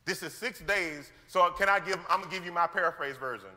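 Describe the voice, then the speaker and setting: A male pastor preaches in a high, bright, forceful voice. He talks in lively, slangy bursts and acts out the scenes he describes. His words ring out with the long reverb of a large church hall. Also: a little fast, slight background noise. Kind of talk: sermon.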